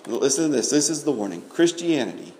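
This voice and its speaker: A man's voice: mid-range voice, sing-song, a little fast, mellow, a little hiss or hum. A man preaching a sermon to his congregation, emphatic and full of rhetorical questions, often repeating words as he builds a point. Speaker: pastor.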